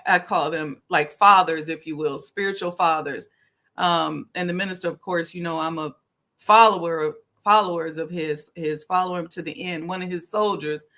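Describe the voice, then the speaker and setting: A woman's voice: on the low side, steady tone, normal speed, sharp tone. A middle-aged woman hosting a talk show on history, speaking in a casual, preachy teaching manner with slang and frequent laughs. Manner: conversational, preachy, laughs often, slips into slang. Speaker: historic preservation consultant and channel host.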